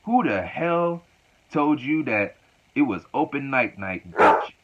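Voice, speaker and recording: A man voicing a sassy, angry woman telling off a rival, in a mocking, drawn-out way. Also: medium pitch, very animated, lo-fi sound, pitched above the performer's own voice. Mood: sassy, scolding.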